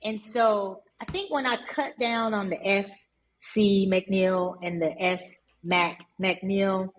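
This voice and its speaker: Woman guest on a podcast, lively storyteller, stresses things by saying them twice. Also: medium pitch, slow pace, slight background noise, poor audio. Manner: lively, emphatic, repeats for stress. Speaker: entrepreneur guest. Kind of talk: casual interview storytelling.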